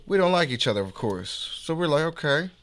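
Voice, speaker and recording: A man's voice: on the high side, fast. A man hosting a podcast, telling a street story in slangy casual talk and acting out the voices of the people in it. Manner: animated, slangy, acts out quoted voices. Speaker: podcast host.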